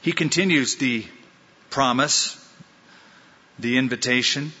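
A male pastor preaches with a bright, forceful, slightly husky voice, hammering points home through repetition and rhetorical questions. His sermon rings with the long reverb of a large church hall, and the recording sounds a bit dull. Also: mid-range voice, normal speed. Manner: emphatic, punchy repetition and rhetorical questions to the congregation. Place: church sanctuary.

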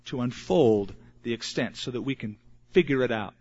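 An older man in his sixties preaching a sermon as pastor, earnest and emphatic with dramatic pauses. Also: mid-range voice, lively intonation, darkish tone. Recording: muffled lo-fi recording.

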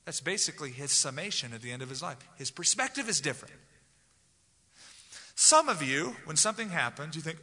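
A man preaches an expository sermon with a lively, swooping delivery, acting out the people in the story in little voices. His voice is bright and fairly high for a man. A long reverb from a large church hall trails behind him. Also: fairly quick. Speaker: pastor.

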